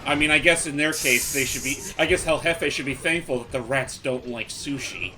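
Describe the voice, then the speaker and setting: A man co-commentating a video game casually, laid-back with deadpan asides. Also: mid-range voice, moderate pace, a crowd in the background. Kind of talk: casual let's-play commentary.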